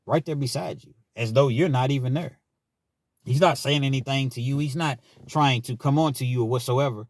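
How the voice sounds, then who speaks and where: Recounting his prison experiences in a casual monologue, a man from Richmond, Kentucky, US, speaks in a frank, laid-back way and often tags on "man." His voice sits at a medium pitch and normal speed, with no room sound.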